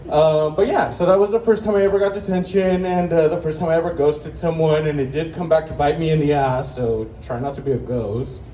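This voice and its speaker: At an open mic on an outdoor market stage, a young man rattles off brash, profane stand-up stories fairly quickly with hardly any pauses, occasionally out of breath. His voice is fairly high with a dark tone, captured in a distant, echoey recording with faint noise.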